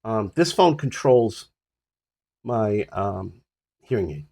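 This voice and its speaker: An older man with a husky voice casually rambling about his health on a phone recording, full of fillers and restarts. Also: on the low side, very animated, slow, mellow. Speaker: vlogger sharing his health journey. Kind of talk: casual personal update to camera.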